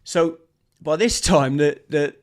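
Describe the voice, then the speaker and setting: A man, a former marine guest on a podcast, telling a lively story and acting out the shouts, talking over a video call. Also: fairly high pitch, slow. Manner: animated storyteller, acts out shouted quotes. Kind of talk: storytelling interview.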